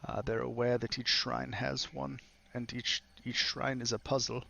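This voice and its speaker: A man voicing a polite, deferential male scholar who speaks haltingly and full of fillers. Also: mid-range voice, flat delivery, creaky, sharp tone, voice pushed up, exaggerated voice. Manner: halting, filler-heavy speech.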